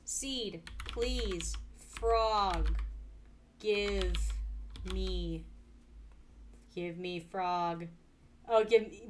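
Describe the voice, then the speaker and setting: A woman streaming a game with casual commentary, excitable and swearing freely, swinging from quiet muttering to loud exasperated outbursts. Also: mid-range voice.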